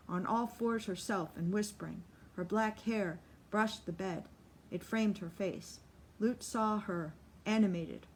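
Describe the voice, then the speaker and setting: Woman narrating a novel, steady and measured. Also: medium pitch, slight background noise. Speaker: audiobook narrator.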